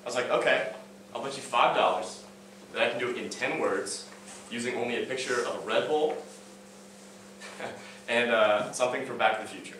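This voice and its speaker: A man's voice: mid-range voice, normal speed, long pauses, bright, forceful tone, slight background noise. A young man, a student, giving a casual, story-driven talk on stage with many fillers and restarts. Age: young adult. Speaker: student speaker. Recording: echoey hall, mic at a distance.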